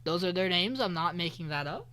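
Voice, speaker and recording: A man hosting an anime podcast, recapping an episode in a loose, profane way and quoting characters in quick voices. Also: sits high, animated, pushed and bright. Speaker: podcast host.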